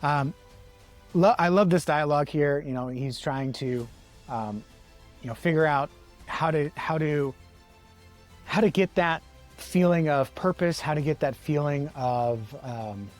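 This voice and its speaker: A man's voice: mid-range voice, measured pace, soft background music. A man giving a casual comic book review, rambling with many fillers and restarts and the odd chuckle. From Texas.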